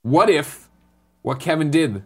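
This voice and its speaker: A man's voice: on the high side, lively intonation, slow, darkish tone, husky. A man co-hosting a comedy morning show, playfully spinning silly bits in casual chat. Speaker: co-host.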